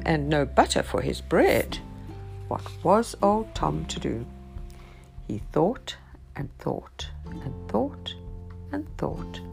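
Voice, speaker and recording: Female storyteller reading a picture book aloud, gravelly low voice, sing-song delivery. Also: darkish tone.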